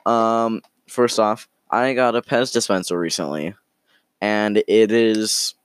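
A man rambling through an improvised story, halting and restarting often. His voice is lowish, smooth and resonant, with lively swings in pitch. The sound is close and dry. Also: no echo. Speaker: storyteller, podcast host.

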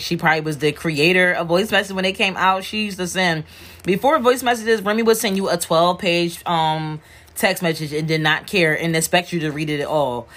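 A grieving woman talking frankly and emotionally to camera while sewing with needle and thread, rambling and swearing freely. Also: sits low. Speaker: wig maker working while talking. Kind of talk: candid talk to camera while working.

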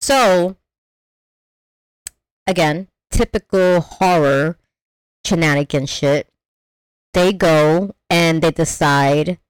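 Woman podcast host, casual film recap, lower voice, close and dry, animated storyteller with a foul mouth. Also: slow pace, pauses often, smooth, dry recording. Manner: animated storytelling, swears freely, acts out characters. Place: remote call.

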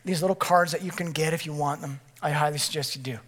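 A man preaches with a high-set voice, telling a lively personal story and pausing to check in with his listeners. His tone is bright and forceful, and his delivery is animated. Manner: animated storytelling with frequent "okay?" check-ins. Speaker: pastor. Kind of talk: sermon.

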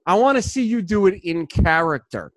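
A man hosting a sports podcast, chatting casually in an animated, rambling way full of restarts. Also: sits high, moderate pace, dry recording. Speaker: podcast host.

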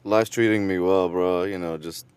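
A man from the United States guesting on a casual football podcast, with a very deep, smooth voice. He talks in an easy, friendly way and trips over a word now and then. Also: steady tone, normal speed, darkish tone, dry recording. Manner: laid-back, friendly, stumbles over words. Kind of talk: casual sports podcast chat.

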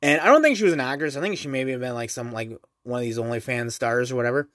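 Speaking quickly in a mid-range, slightly bright voice, a young podcast host rants on his own show, casual and profane. He rambles and ends his points with "right?", and the sound is dry and studio quality.

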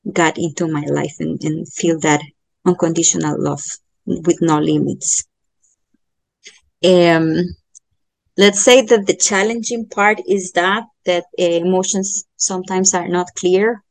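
Woman astrologer, talks real slow w lots of ums, lowish voice, dry close mic. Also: creaky, no echo. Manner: slow, thoughtful, many fillers and restarts. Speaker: astrologer giving a chart reading. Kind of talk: podcast interview, explaining.

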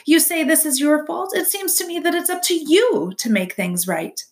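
A blunt old goose lectures in a brisk, scolding tone, as a woman voices her. Her pitch leaps about with lively emphasis. A storybook reading. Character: old gray mother goose, bossy and blunt.

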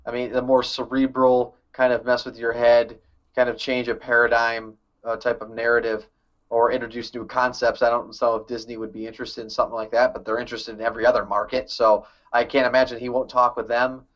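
A man's voice: medium pitch, level tone, brisk, fairly bright tone, dull audio. A man co-hosting a casual movie podcast, thinking aloud with hesitant restarts. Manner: thoughtful, hesitant, many restarts. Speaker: podcast co-host. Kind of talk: casual movie news chat.

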